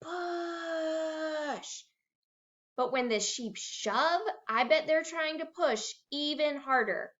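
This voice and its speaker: A high, sing-song woman teaching children to read, drawing her words out slowly. She acts out words with expressive swings in pitch. The recording is muffled and lo-fi. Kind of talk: recorded reading lesson for young children. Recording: dull lo-fi recording.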